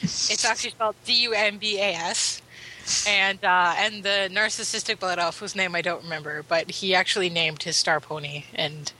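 Bright-voiced, teasing woman co-host. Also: fairly low pitch, steady tone, moderate pace, slight background noise, poor audio. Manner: teasing, storytelling. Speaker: podcast co-host. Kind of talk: casual podcast chat.

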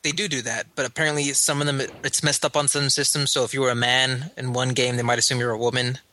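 A man on a podcast panel chatting casually and quickly passing along things he has heard. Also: mid-range voice, flat delivery, bright, forceful tone.

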